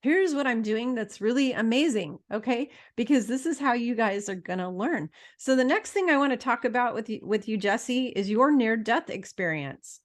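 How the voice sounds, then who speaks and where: A woman's voice: fairly high pitch, expressive, moderate pace, few pauses. A middle-aged woman hosting a casual interview show, talking emphatically and bluntly, swearing freely as she lectures her listeners. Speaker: podcast host.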